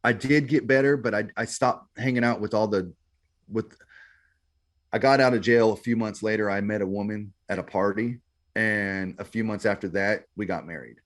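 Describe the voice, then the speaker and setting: Laid-back slangy man with a low voice. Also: steady tone, moderate pace. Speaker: podcast guest. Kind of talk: casual storytelling.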